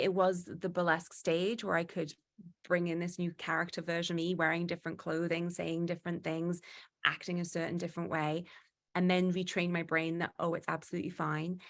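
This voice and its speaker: A woman giving a motivational talk, animated and acting out quoted exchanges, with frequent restarts. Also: lowish voice. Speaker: guest speaker.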